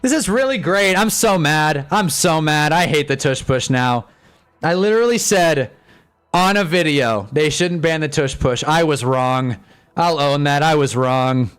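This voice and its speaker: A young man hosting a live stream, reacting to a football game in casual commentary, with swings from low muttering to loud frustrated outbursts. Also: animated, a little slow, clean tone, soft background music. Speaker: live-stream sports fan host.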